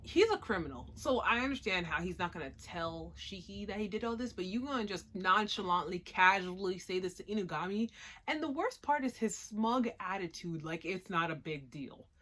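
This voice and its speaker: A woman hosting a casual spoken review, talking emphatically and moving from hushed remarks to loud outbursts. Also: medium pitch, lively intonation, moderate pace. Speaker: anime reviewer.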